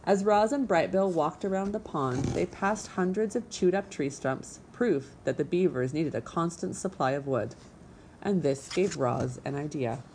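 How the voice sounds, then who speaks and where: A woman reading a children's storybook aloud as the narrator in a steady, clear voice. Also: low-pitched, normal speed, slight background noise. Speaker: audiobook narrator.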